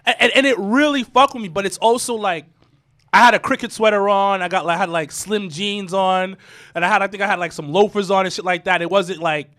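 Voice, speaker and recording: A man in his thirties telling a story in casual podcast chat, animated and profane, with stammering restarts. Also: sits high, brisk. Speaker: podcast co-host.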